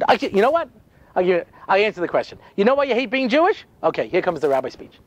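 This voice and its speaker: A rabbi giving a humorous storytelling talk, full of dry sarcasm and frequent "you know" asides. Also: male voice, sits high, very animated, quick pace, lo-fi sound.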